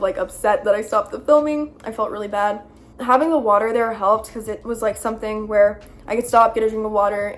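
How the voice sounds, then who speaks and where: Chatty young woman telling a story. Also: medium pitch. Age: young adult. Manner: chatty, lots of "like", earnest and self-conscious. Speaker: vlogger. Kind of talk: storytime vlog.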